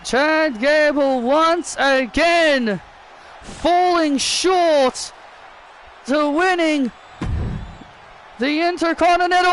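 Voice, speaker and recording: A man giving excitable play-by-play commentary over a wrestling video game, often shouting the calls. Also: very high voice, extremely slow, long pauses, a little hiss or hum.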